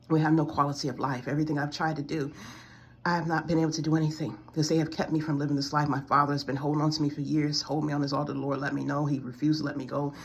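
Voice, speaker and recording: A woman's voice: sits low, slight background noise. A woman in her forties giving a pleading, tearful spiritual testimony to camera, close to tears and repeating her complaints. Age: 40s. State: near tears.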